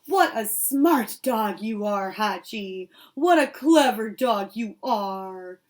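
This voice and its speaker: A woman voicing a kind, patient older male professor in a storybook reading, giving his puppy gentle but firm commands and cooing praise. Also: medium pitch, expressive, slow pace.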